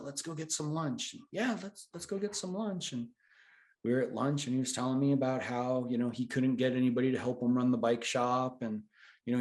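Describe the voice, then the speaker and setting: Animated middle-aged man telling a story. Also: mid-range voice. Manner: animated storyteller acting out quoted dialogue. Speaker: guest. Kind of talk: casual storytelling chat.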